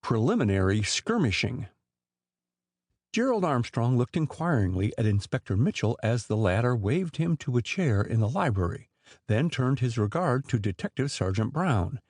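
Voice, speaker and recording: A man narrating a mystery novel as an audiobook reader, in a measured storytelling way. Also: mid-range voice, sing-song, a little mellow, slightly rough, no room sound, clean studio sound.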